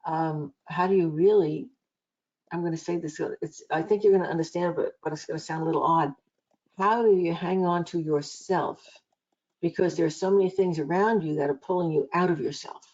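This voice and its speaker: A woman's voice: fairly low pitch, brisk, a little mellow, dull audio. A woman hosting a live online psychic reading show, talking in a chatty, rambling way with many restarts. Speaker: psychic reader and show host.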